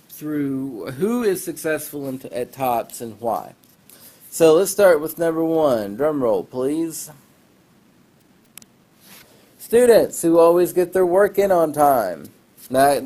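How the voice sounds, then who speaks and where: Over a phone livestream, a male teacher runs through class announcements casually, rambling and making fun of himself. His voice is medium in pitch and a little mellow. He's chatty and meandering, dropping self-deprecating asides.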